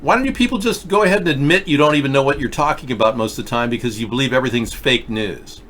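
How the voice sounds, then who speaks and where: A man's voice: medium pitch, fast talker, a bit bright. A man hosting a live political video chat show, talking emphatically and directly to viewers while wearing a mouth guard. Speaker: political talk show host.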